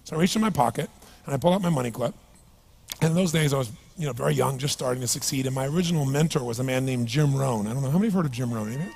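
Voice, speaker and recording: A middle-aged man and seminar speaker, telling a personal story to a live audience in an animated, conversational way and asking them questions. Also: medium pitch, rapid-fire, creaky, slightly rough.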